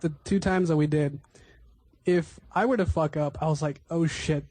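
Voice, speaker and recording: Young man, mellow voice, dry close sound, sheepish and joking, swears casually. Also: fairly high pitch, moderate pace, dry recording. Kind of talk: casual group chat.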